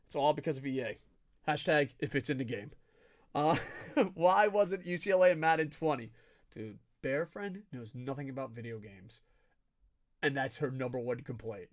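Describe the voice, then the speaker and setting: A man co-hosting a casual sports podcast, ranting with lots of swearing and swinging between loud shouts and low mutters. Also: moderate pace. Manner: profane, excitable ranting. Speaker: podcast co-host.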